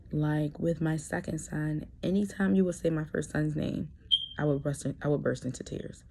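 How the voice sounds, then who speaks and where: A woman's voice: low voice, vocal fry, mellow. A young adult woman talking candidly in a personal vlog, hesitant, with many fillers and restarts. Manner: candid and earnest. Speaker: vlogger.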